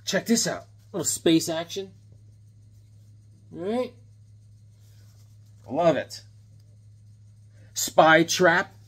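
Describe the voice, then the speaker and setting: Husky, animated man in his seventies. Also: a little high, very slow, long pauses. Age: 70s. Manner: enthusiastic, rambling, jokey. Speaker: comic book collector showing a haul. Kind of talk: casual haul video chat.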